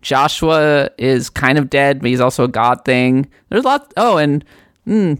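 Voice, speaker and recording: Animated woman co-hosting a podcast. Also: rumbling low, measured pace, smooth, no echo, studio quality. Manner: animated, reading a listener letter aloud. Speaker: podcast co-host. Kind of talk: casual podcast chat.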